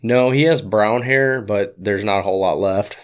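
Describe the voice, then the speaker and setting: A man with a lowish voice, talking in a dry, teasing way and swearing as he goes. He's a podcast co-host in relaxed casual chat with a glass of whiskey. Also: normal speed, smooth. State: drinking whiskey.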